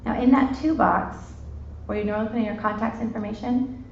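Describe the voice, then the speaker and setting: A woman in her thirties giving a chatty, bubbly sales pitch to a live audience, calling them "you guys". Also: steady tone, brisk, gravelly, a little mellow, a little hiss or hum. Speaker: sales presenter. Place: meeting room with an audience. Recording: echoey, dull lo-fi room recording.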